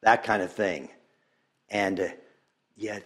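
A man preaching a sermon, swinging between loud emphatic bursts and hushed, near-whispered passages, with frequent chuckles and hesitant restarts. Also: mid-range voice, expressive, unhurried. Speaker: pastor.

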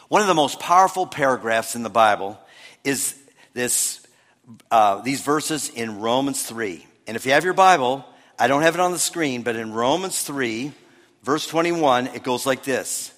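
A man's voice: medium pitch, unhurried. Man preaching in a reverberant hall. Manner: lively preaching, shifts between loud and hushed. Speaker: pastor. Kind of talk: sermon.

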